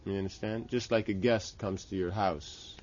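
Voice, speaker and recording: Man, religious teacher, low voice, patient explanations, muffled lo-fi recording. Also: fairly even intonation, moderate pace, a little mellow. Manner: explanatory, repeats "Right?" to check understanding. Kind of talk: instructional talk on temple worship.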